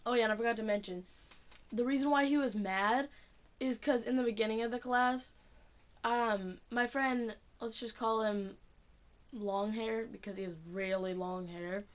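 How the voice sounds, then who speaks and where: Teen woman, storytime vlogger, profane and rambling, slightly high-pitched. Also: steady tone, moderate pace. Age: teens. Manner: casual, profane, heavy use of "like". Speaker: student. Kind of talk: storytime vlog rant.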